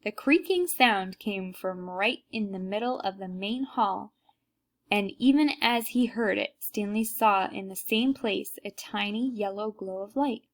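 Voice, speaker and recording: A woman's voice: medium pitch, unhurried. A woman reading a children's book aloud, narrating plainly and unhurriedly with small slips.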